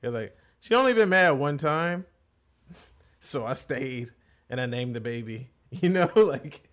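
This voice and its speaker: A man's voice: mid-range voice, animated, a little slow, a bit bright. Laid-back man laughing through casual chat. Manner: laid-back, laughs often, acts out quotes. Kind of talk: casual chat about an anime.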